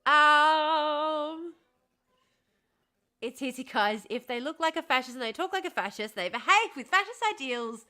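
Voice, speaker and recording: A woman's voice: sits high, lively intonation, fairly quick, hardly any pauses, pushed and bright. A woman hosting a casual livestream, chatting with her viewers and answering them with frequent laughs and sarcastic asides. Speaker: livestream host reading chat.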